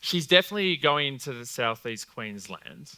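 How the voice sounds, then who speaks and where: Chatty Australian man, bright voice. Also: mid-range voice, sing-song, normal speed, dry recording. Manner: chatty, filler-heavy, swears casually. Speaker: psychic medium host. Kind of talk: live stage show, relaying messages. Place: theatre stage before a live audience.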